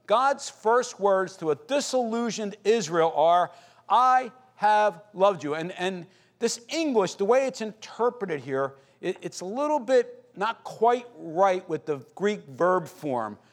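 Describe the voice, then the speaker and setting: A man's voice: high-pitched, big pitch swings, unhurried. A man preaching a sermon, reading scripture and praying with earnest, rising intensity. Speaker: pastor.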